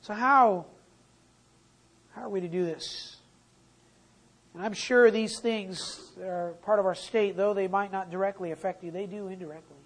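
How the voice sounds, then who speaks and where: A preacher giving a sermon in a church, pitched in an ordinary middle range. The delivery is emphatic, stretching out and repeating the key phrases so they land. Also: steady tone, normal speed, long pauses, rough recording.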